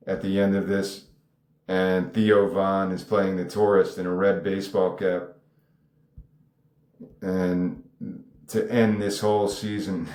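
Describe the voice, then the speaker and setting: A man's voice: lowish voice, a little mellow. A man casually talking through his own screenplay, musing aloud and rambling with frequent hedges. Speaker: screenwriter discussing his script. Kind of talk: casual solo commentary. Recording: echoey room.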